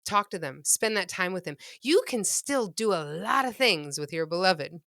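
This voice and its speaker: A woman pet loss grief counselor, speaking gently and earnestly in a podcast interview. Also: lowish voice, animated, moderate pace, vocal fry, no echo, studio quality.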